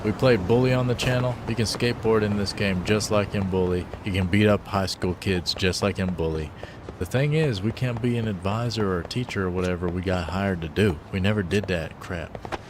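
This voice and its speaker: A man's voice: sits low, a little fast, background noise. A man joking loosely in slang while live-streaming a game. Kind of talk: casual live-stream commentary.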